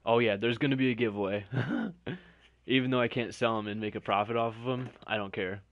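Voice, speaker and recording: Young male streamer, talking to chat, mid-pitched voice, casual live commentary. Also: fairly quick, no room sound, phone-quality sound. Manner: chatty, addresses viewers directly.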